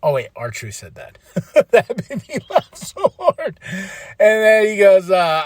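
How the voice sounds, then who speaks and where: A man hosts his own podcast and recaps a wrestling show in casual chat. His voice sits high for a man, and he sounds animated, laughing often and acting out what the wrestlers said. The sound is dry and close, with no room around it. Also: normal speed, dry recording. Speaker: podcast host.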